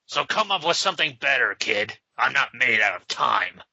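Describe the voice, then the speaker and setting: A man reading aloud and voicing a gruff, contemptuous grown vigilante with curt, scornful lines. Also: mid-range voice, very animated, normal speed, pushed and bright, no room sound, full character voice. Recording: slightly dull lo-fi sound.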